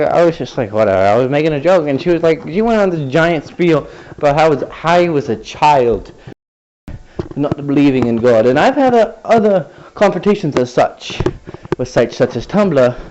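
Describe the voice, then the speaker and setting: A man's voice: a little high, darkish tone, muffled recording, a little hiss or hum. A man telling a rambling, sarcastic story to camera, swearing freely as he goes. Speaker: vlogger.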